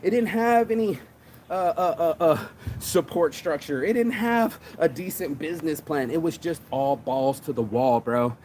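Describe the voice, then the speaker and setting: A middle-aged man hosting a morning motivation show, talking fast and profane, calling everyone "bro". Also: fairly high pitch, slight background noise. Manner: profane, energetic, says "bro" a lot. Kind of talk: fired-up casual motivational rant.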